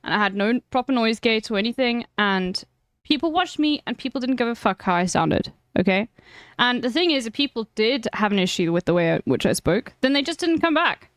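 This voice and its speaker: A woman streamer speaks frankly to her viewers, her voice sitting a little high. She swears freely and hands out blunt advice. The sound is dry and close, with no room around it. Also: expressive, fairly quick, dry recording. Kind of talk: casual chat with viewers.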